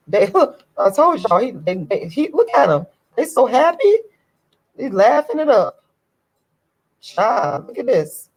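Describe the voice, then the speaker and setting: A woman's voice: mid-range voice, rough recording. A woman vlogger giving a ranting commentary to her viewers, emphatic and indignant, repeating her points over and over.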